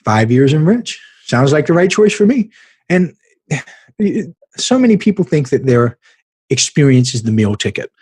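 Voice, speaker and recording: A man hosting a podcast, giving blunt, animated business advice in a casual way and laughing at himself now and then. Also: on the high side, measured pace, husky, no echo. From American Midwest. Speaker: podcast host, business coach.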